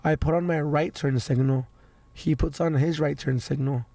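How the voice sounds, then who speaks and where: A man's voice: fairly high pitch, fairly even intonation, normal speed, dark tone, no room sound. A man hosting a podcast, telling a rambling story with lots of stammers and swearing, his voice worn from being sick. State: voice worn out from illness. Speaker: podcast host. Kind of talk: casual chat, storytelling.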